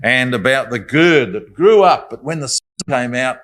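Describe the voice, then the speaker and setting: A man's voice: mid-range voice, lively intonation, moderate pace, a bit bright. Reflective man giving a Bible talk. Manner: conversational, reflective, apologetic asides. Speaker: Bible speaker.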